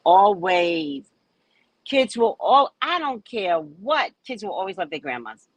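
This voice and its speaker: Speaking slowly in a mid-range voice, an older New Orleans woman with a matching accent hosts for a live audience, chatting and storytelling with animation and shifting inflection. There's no room sound, though the recording is rough.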